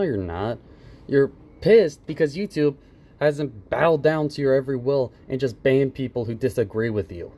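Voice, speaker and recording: A man's voice: mid-range voice, a little mellow. A man giving casual reaction commentary, sarcastic and profane, mocking what he hears with exaggerated mimicry.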